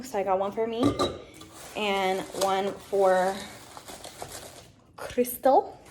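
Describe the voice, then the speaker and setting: A woman's voice: medium pitch, slight background noise. A woman chatting casually to her camera, exasperated and venting as she talks through her errands. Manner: ranting, exasperated, talkative. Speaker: vlogger.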